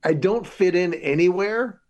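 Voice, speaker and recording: A man's voice: high-pitched, unhurried, darkish tone, lo-fi sound. A man, a comedian and speaker, telling upbeat stories in an interview and acting out the dialogue in them. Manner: upbeat storyteller, acts out quoted dialogue. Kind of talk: casual interview chat.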